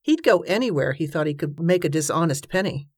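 A woman's voice: low voice, expressive, a little fast, slightly rough, dry recording, studio quality. A woman voicing a frank young widow who talks bluntly and wryly, in a storybook reading. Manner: blunt, wry, forthright.

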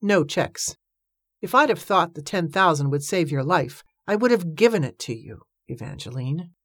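A woman reading the part of a heartbroken man who speaks softly and bitterly. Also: low-pitched, expressive, moderate pace, husky, no room sound, clean studio sound, heavily acted. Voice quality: soft, sad and accusing.

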